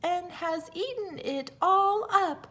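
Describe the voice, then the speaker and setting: Tiny shrill baby bear boy, as a lady reading a storybook puts him on, squeaky and plaintive, way up high. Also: slow pace, heavily acted. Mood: upset. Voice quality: sharp and shrill. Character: little small wee boy bear, shrill.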